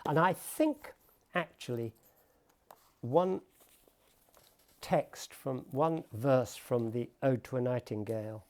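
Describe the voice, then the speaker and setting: Slow, thoughtful male piano lecturer. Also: medium pitch, darkish tone. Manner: thoughtful, explanatory, with pauses. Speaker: pianist and lecturer. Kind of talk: talk at the piano about poetry and music.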